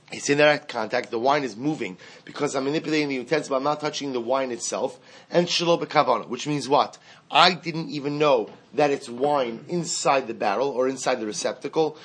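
Male Talmud teacher, mid-pitched, singsong study cadence, repeats himself, asks and answers his own questions. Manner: explains in a singsong study cadence, mixing Aramaic and Hebrew terms. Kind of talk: Talmud class lecture.

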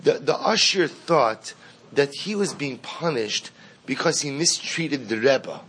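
A man's voice: mid-range voice, expressive, slow pace, a bit bright, slight background noise. Guy teaching a torah class, reads a line then translates it, keeps repeating himself to stress stuff, medium voice. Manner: translates Hebrew text line by line, repeating words emphatically. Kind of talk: reading and explaining a Hasidic story in class.

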